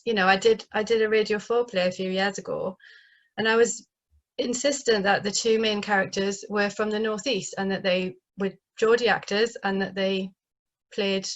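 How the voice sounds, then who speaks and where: A woman with a northeast English accent talks casually as an interview guest, her voice mid-pitched. She hesitates and restarts often, and the video call audio is slightly dull. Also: steady tone, moderate pace. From northeast England. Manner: chatty, hesitant, many fillers and restarts. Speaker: playwright guest.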